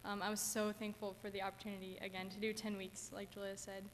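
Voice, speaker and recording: A woman's voice: medium pitch, flat delivery, fast. Young woman, a little nervous, self-deprecating testimony, church hall echo. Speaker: camp counselor giving testimony. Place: church sanctuary. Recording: church hall reverb with faint room noise.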